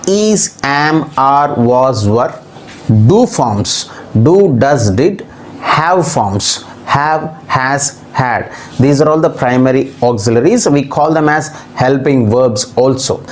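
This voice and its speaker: Low-voiced teacher. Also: female voice, darkish tone, a little hiss or hum. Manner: patient, explains step by step with repeated examples. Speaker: English teacher. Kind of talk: grammar lesson.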